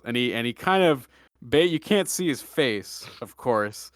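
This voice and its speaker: A young man hosting a podcast, telling a story in a deadpan, joking way with mock-serious asides. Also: mid-range voice, unhurried, no echo, clean studio sound. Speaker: podcast host. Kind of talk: casual storytelling chat.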